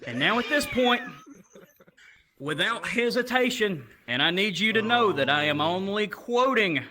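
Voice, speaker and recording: A man's voice: high-pitched, expressive, unhurried, sharp tone, rough recording. A man, telling crude, profane stories as a stand-up comedian on a livestream.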